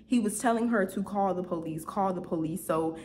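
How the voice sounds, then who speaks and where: A woman's voice: medium pitch, a little fast, noisy background. A young woman, apparently from Houston, telling a story in a casual storytime vlog, chatty and full of fillers, often turning to her viewers. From Houston, Texas. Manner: chatty, addresses viewers as "y'all", many "like" fillers.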